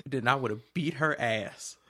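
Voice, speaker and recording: A man's voice: medium pitch, measured pace, sharp tone. A man with a middling voice talks emphatically on a casual podcast. He swears freely and builds his points into exaggerated stories. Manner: profane, emphatic storytelling. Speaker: podcast co-host. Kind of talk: casual chat.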